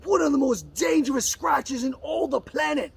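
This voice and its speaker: A man doing a comedy sketch as an excitable, clumsy male wildlife-show host with an Australian accent, calling out and shrieking in panic. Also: very high-pitched, normal speed, creaky, heavily acted. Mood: gung-ho.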